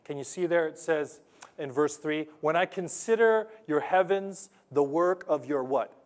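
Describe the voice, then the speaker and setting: A man preaching a sermon, telling a story with lively swings between loud, punchy lines and hushed, earnest ones. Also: a little high, measured pace. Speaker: pastor.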